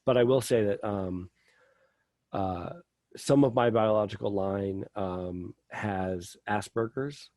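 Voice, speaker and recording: Low-voiced man rambling through a story. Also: slow pace, a little mellow, no echo. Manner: rambling, heavy on fillers like "like" and "um". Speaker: podcast guest. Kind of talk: candid personal storytelling.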